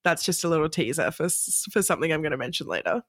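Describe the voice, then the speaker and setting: A woman with a lowish voice rambles through anecdotes on a pop culture podcast, laughing easily. She sounds a little under the weather. The sound is dry and close. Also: big pitch swings, fast, breathy edge, no room sound. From Australia. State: a bit sick. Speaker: podcast co-host. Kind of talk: casual chat.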